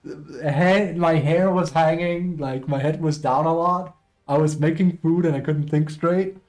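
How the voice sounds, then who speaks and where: A man's voice: on the high side, unhurried, darkish tone, soft background music. A man streaming live and chatting casually with viewers, rambling and self-deprecating as he reads chat aloud.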